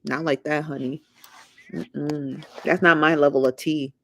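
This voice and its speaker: A woman's voice: deep voice, steady tone, unhurried, a little hiss or hum. Sassy gossiping woman livestreaming. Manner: sassy and gossipy, calls viewers honey and child. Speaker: livestream host. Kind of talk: casual livestream chat, reading comments aloud.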